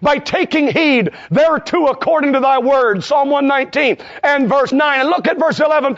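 A male preacher delivering a sermon, quoting scripture and swinging between shouted peaks and low, hushed asides. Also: moderate pace, hardly any pauses. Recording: dull lo-fi sound.

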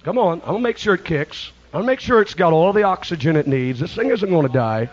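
A man preaching a sermon with passion, swinging between shouted lines and hushed ones. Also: high voice, animated, quick pace, highs cut off.

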